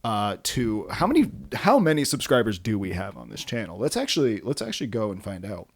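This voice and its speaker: A man's voice: fairly low pitch, wildly swooping pitch, fairly quick, no echo. A man hosting a solo casual podcast, rambling and cursing with self-mocking jokes, tired from too little sleep. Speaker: podcast host.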